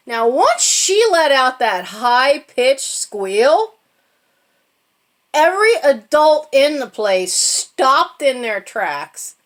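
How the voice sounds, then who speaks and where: A woman's voice: sits high, very animated, very slow. A middle-aged woman telling a comic holiday story to her channel in a casual, self-mocking way, laughing as she goes. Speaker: channel host.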